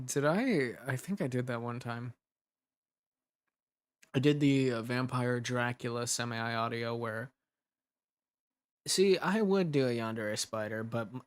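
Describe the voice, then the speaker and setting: A man's voice: mid-range voice, no echo. Giggly rambling young man chatting. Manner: rambling, giggly, self-interrupting. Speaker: audio drama creator. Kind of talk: casual chat brainstorming ideas.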